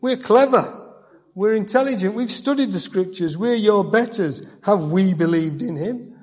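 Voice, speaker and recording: A man's voice: sits high, measured pace, voice pushed up. A man voicing arrogant religious leaders who boast about their learning and look down on others. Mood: scornful boasting. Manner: haughty, boasting, looking down on others. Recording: dull, echoey hall.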